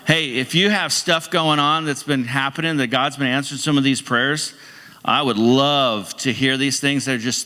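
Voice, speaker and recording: Middle-aged guy pastor preaching casual, bright forceful voice, rambly and jokey, big echoey church hall. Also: mid-range voice. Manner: conversational and rambling, with frequent restarts and humorous asides. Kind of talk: casual sermon. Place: church sanctuary. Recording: long hall reverb in a church.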